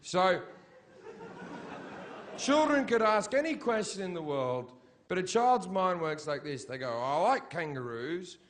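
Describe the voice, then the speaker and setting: A man's voice: sits high, sing-song, a little slow, long pauses, slight background noise. A man doing a live stand-up routine on stage, ranting in a profane, sarcastic way. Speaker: stand-up comedian. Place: live stage show in Britain.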